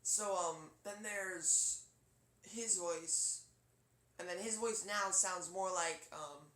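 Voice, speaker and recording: A man's voice: high-pitched, slow, sharp tone. Chatty young man in an echoey room. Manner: rambling, chatty, laughs easily. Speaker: voice actor vlogger. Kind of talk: casual talk showing character voices.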